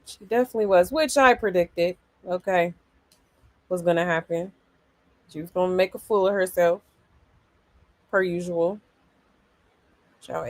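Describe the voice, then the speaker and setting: A woman hosting celebrity gossip, casually reacting to clips and comments in a sassy drawl with loud laughs. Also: medium pitch, dry recording.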